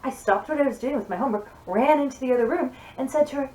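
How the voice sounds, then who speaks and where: A young woman chatting casually to camera as a parenting vlogger, telling stories in an animated way from her home office. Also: high-pitched, fast talker, hardly any pauses. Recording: echoey room, mic at a distance.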